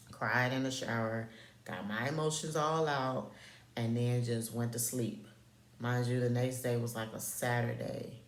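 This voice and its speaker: A woman's voice: a bass voice, vocal fry, roomy sound. A woman telling a personal story to the camera in a candid vlog, blunt and profane, with slangy asides to the viewer. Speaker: vlogger.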